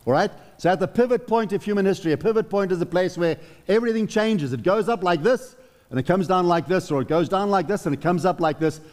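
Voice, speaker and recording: A man's voice: high voice, fast, a little mellow. A man preaching a sermon in an earnest, conversational way, asking the congregation rhetorical questions.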